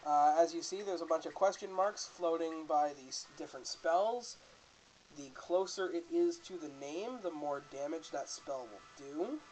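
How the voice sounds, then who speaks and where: A man's voice: fairly high pitch, moderate pace, darkish tone, slight background noise, rough recording. Joking man doing let's play commentary. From Canada. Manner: casual, joking, self-correcting. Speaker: host.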